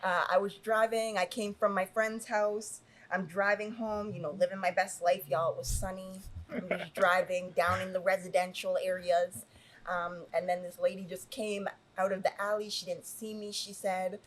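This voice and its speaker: A woman's voice: mid-range voice, moderate pace. A young woman, a podcast guest, telling a personal story in casual chat, with lots of "like" and "y'all". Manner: storytelling, animated, says "like" and "y'all" often.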